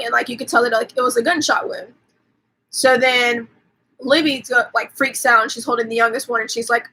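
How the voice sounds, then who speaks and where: A woman's voice: on the high side, fairly even intonation, sharp tone, husky, rough recording. A woman hosting a livestream, casually retelling a film's plot, with "like" in nearly every phrase and offhand swearing. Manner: rambling, fills every pause with "like", swears casually. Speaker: host. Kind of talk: casual movie recap on a livestream.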